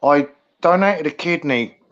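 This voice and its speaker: A man's voice: a little high, a little slow, fairly bright tone, muffled recording. A man telling a personal anecdote in casual chat, sweary and chuckling as he goes. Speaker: protester chatting. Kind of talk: casual storytelling.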